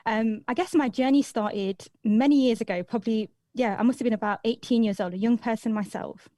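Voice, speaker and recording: Young Englishwoman, mellow and dry. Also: a little high, fairly quick, dry recording. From Leicester, England. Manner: conversational, many ums. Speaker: radio presenter guest. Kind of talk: interview answers.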